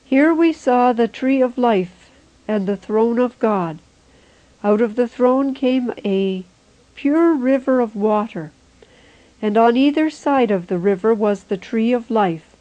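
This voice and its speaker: A woman reading a religious vision text aloud in a slow, solemn, even way. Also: a little high, highs cut off. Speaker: reader.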